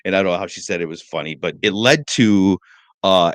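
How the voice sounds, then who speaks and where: A middle-aged man co-hosting a morning show, telling rambling, joking stories in a relaxed chat. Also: low-pitched, brisk, no echo. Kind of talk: casual chat.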